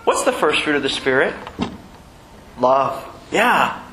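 Taking it slowly in a sing-song manner, a man with a high-leaning, pushed, bright voice preaches as rabbi of a Messianic congregation. He keeps the sermon conversational with jokes, asides and acted quotes of little exchanges with listeners. The room echoes and there is faint noise.

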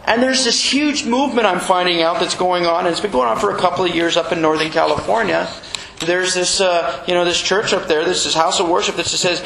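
A man preaching a sermon in a church, animated and chuckling as he acts out little quotes. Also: sits high, normal speed, creaky. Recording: echoey room with faint noise.

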